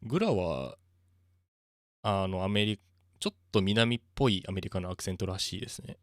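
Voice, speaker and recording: Japanese-accented male streamer, deep voice, halting English, chuckles a lot, dry sound. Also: no echo. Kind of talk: casual livestream chat.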